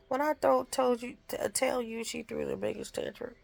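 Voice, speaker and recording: A woman rambling through a story about her toddler, exasperated and animated, breaking off to scold kids nearby. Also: on the high side, moderate pace, gravelly, few pauses, no room sound. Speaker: mother vlogging.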